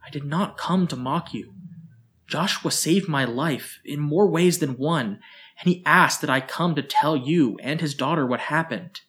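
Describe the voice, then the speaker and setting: A courteous tentacled alien, speaking with careful, measured formality, as a male narrator reads him. His voice stays even and low-key throughout, in the manner of a storybook. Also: natural voice. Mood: earnest.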